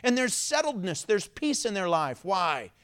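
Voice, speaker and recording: A man preaching a sermon as pastor in a church, playful and energetic, joking with the congregation. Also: high-pitched, measured pace, smooth. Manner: playful, self-mocking, energetic.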